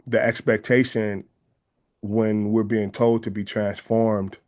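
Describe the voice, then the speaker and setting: A man from the San Francisco Bay Area with a Bay Area accent, speaking as an interview guest in an earnest, measured way and often rephrasing his ideas. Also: fairly low pitch, flat delivery, a little mellow. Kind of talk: reflective interview conversation.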